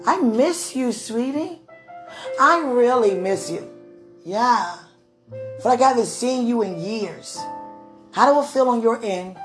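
Warm-hearted woman vlogger with a fairly high voice who rambles fondly and laughs a lot, over quiet piano. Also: expressive, takes it slowly, long pauses. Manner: rambling, affectionate, often laughing. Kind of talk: casual devotional vlog monologue.

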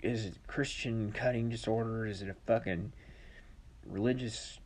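A man's voice: fairly low pitch, fairly even intonation, normal speed, darkish tone, slight background noise. A man hosting a podcast in a rambling, profane monologue, laughing to himself. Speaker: podcast host.

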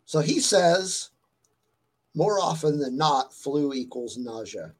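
A man with a slightly raised pitch chats on his stream, rambling through his story with lots of ums and restarts. He sounds like he is still recovering from a fever. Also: lively intonation, takes it slowly, rough recording. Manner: rambling, filler-heavy storytelling. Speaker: stream host. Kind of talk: casual chat.

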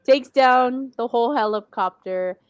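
A woman in a casual podcast chat, recapping in a relaxed, chatty way. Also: on the high side, a little slow. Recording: dull dry sound.

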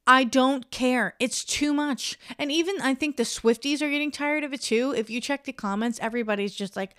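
Chatty opinionated young woman, smooth voice. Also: sits high, moderate pace, few pauses, a bit bright, no room sound, studio quality. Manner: chatty, opinionated, ranting gossip. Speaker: podcast host. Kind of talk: casual solo podcast chat.

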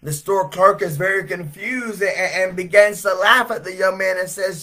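A man preaching a revival sermon as an evangelist, telling stories animatedly and swelling to shouts. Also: high-pitched, moderate pace, hardly any pauses.

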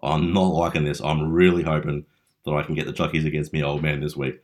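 A man's voice: very deep voice, flat delivery, fairly quick, a little mellow. A young Australian man hosting a casual fantasy league recap, chatty and teasing with mock-dramatic flair. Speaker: fantasy league podcast host.

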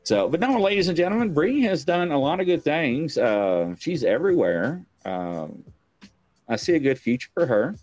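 A man's voice: medium pitch, sing-song, a little slow, a little mellow, dry recording, soft background music. A man hosting a live online talk show, chatting casually in a rambling, joking, self-mocking way. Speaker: livestream talk show host. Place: home stream set.

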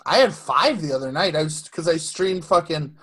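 High-voiced man in rambling casual chat. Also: animated, moderate pace, fairly bright tone, breathy edge. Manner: rambling, swears freely, frequent restarts. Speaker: podcast co-host.

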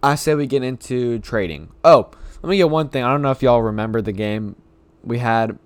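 A frustrated sports fan talks on his own, rambling and circling back to repeat his points. His smooth, clear, mid-range voice moves briskly and is recorded close and dry, with no echo or room around it.

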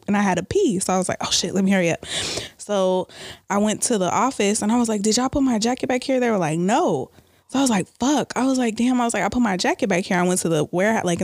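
A woman telling a story to friends in casual chat, acting out what people said with lively, raised quotes. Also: mid-range voice, no echo, clean studio sound.

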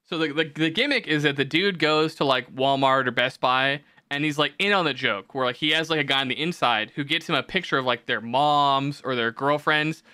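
A man's voice: a little high, a little fast, few pauses, clean tone, no room sound, studio quality. A man hosting a podcast, telling stories in casual, profane chat. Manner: profane, animated storytelling. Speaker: podcast host.

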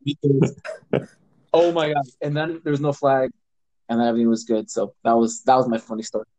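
A man, a regular of the show, telling a lively story in casual podcast chat. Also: medium pitch, brisk, no room sound, low-quality recording. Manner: animated storyteller.

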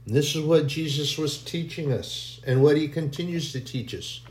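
A man's voice: a little high, moderate pace, hardly any pauses, roomy sound. A man giving an informal, conversational sermon, acting out quoted voices and repeating phrases for emphasis. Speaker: preacher.

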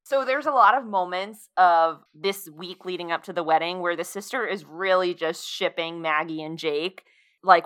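A woman's voice: lowish voice, bright, forceful tone, clear, resonant tone. A woman co-hosting a podcast, casually recapping a movie plot and often chiming in to agree. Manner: storytelling recap, frequent agreeing "yes". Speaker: podcast co-host.

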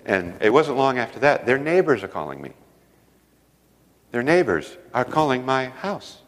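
A man preaching a sermon, telling personal stories earnestly, going from loud emphasis down to a hushed voice. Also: mid-range voice, very animated, moderate pace, big-room sound. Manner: earnest storytelling, swings from loud emphasis to hushed near-whisper. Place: church service hall.

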